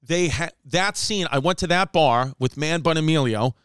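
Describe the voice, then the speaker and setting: New comic guy ranting through a story, smooth clear voice, kinda high, dry close mic. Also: no echo. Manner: animated, acts out quotes, rapid run-on storytelling. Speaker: comedian podcast host. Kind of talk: comedic storytelling monologue.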